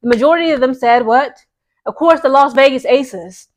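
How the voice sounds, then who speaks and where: A woman vlogging casual basketball gossip commentary, animated and peppered with "okay?". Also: high-pitched, normal speed. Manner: animated, repeats "okay?" often.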